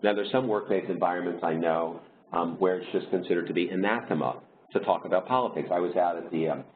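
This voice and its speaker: A man presenting a webinar over slides, explaining in a measured way with frequent pauses and restarts. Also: low-pitched. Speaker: diversity consultant leading a webinar. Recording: tinny phone-like line with faint noise.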